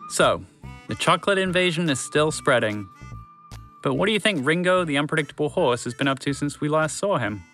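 A man host narrating a children's story podcast in a clear, steady, friendly read. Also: fairly high pitch, fairly quick, soft background music.

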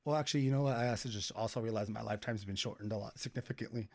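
A young man co-hosting a casual podcast chat, animated and swearing freely, laughing often. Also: lowish voice, racing, gravelly. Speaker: podcast co-host.

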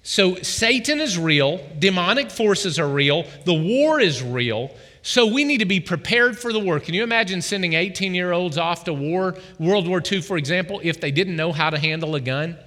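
Animated preacher with a high bright voice. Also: male voice, moderate pace, hardly any pauses, big-room sound. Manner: animated, calls out to the congregation. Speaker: pastor. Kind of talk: sermon.

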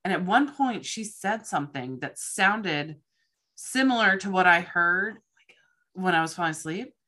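A young woman hosting a casual chat podcast, telling stories in a rambling, excitable way with casual swearing. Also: lowish voice, a little slow. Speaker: podcast host.

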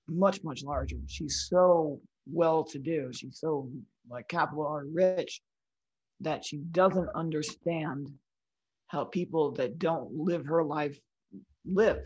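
Woman, breathy weak voice, husky, candid guest chat with restarts. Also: low voice, darkish tone, dull audio. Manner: frank, talks in restarts and lists. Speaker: comedian guest. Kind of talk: casual interview chat.

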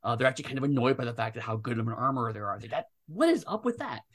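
Man, mid-pitched voice, game designer guest, rambling, animated, casual chat. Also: racing. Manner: rambling, animated, many restarts and laughs.

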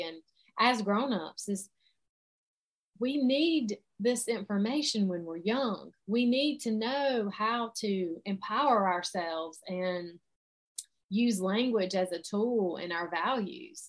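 A woman, speaking as a coach in an earnest motivational talk and acting out examples of self-talk. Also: mid-range voice. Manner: earnest, animated, acts out inner self-talk.

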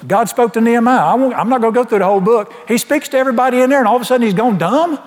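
A man's voice: extremely high pitch, rapid-fire, long reverb tail. A man preaching a sermon, telling his story in a folksy way and acting out the dialogue.

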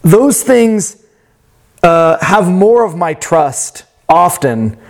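A man preaching a sermon in a reflective way that turns animated when he tells a story. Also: high-pitched, very slow, gravelly. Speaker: pastor.

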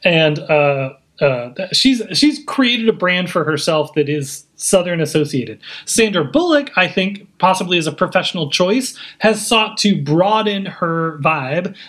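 A man co-hosting a podcast, taking up the counterargument in a measured, polite way during a casual debate. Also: high voice, expressive, fairly bright tone. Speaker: podcast co-host.

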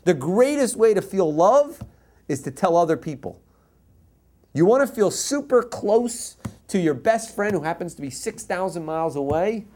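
Animated man giving an emphatic Torah lecture. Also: high voice. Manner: emphatic, repeats key phrases, mixes in Hebrew quotes; passionate and jokey. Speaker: rabbi teaching a class. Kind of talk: Torah lecture to a live audience.

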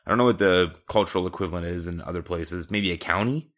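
Low, joking Canadian man. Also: quick pace, a bit bright. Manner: joking, sardonic asides, swears. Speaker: podcast co-host. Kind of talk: casual chat.

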